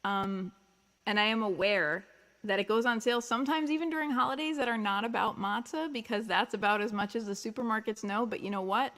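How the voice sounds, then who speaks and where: A woman's voice: on the high side, a little fast, a bit bright. Long island lady musician chatting on her stream, jokey, reading out comments. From Long Island, New York. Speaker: musician hosting a livestream. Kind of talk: casual livestream chat.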